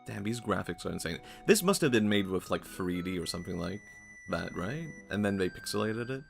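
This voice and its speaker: Gravelly low-voiced male streamer. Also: expressive, brisk, faint music behind. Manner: rambling, chatty, laughs often. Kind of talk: casual gameplay commentary.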